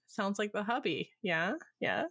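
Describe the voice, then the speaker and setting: A woman with a husky voice reading listener stories aloud on a podcast, laughing often as she goes. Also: medium pitch, lively intonation, a little slow, fairly bright tone, dry recording, studio quality. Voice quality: husky smoker's voice. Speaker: podcast co-host.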